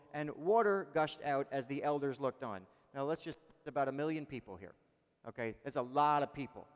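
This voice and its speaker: A male pastor preaching a sermon in a lively, conversational way, asking the congregation questions. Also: fairly high pitch, long reverb tail.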